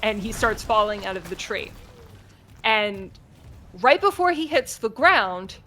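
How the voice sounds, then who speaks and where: A woman's voice: mid-range voice, sing-song, measured pace, pushed and bright. A woman streamer casually retelling a story in a rambling way, with many fillers.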